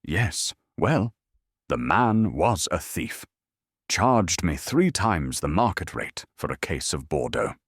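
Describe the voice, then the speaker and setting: Narrator as a nervous, blustering English gent, deep voice, flustered. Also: male voice, sing-song, takes it slowly, breathy edge, no room sound, studio quality, exaggerated voice. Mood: indignant. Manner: flustered and indignant. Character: nervous florid English gentleman, middle-aged.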